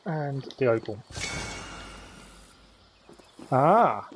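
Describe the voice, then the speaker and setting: A man's voice: medium pitch, very animated, slow pace, noisy background. A man chatting with viewers as he thinks aloud during a live-stream gameplay commentary.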